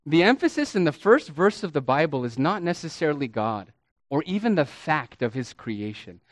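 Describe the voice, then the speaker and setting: A man preaching a sermon as a pastor, teaching with deliberate emphasis and stretching key words, calling his listeners beloved and friends. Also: a little high, big pitch swings, dry recording, clean studio sound.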